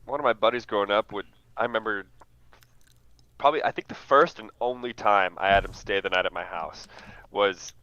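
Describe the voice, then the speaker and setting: A man co-hosting a podcast tells an amused story. His low voice has a bright, pressed edge. The sound is dull and lo-fi. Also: a little fast, dry recording. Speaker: podcast co-host. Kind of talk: casual chat.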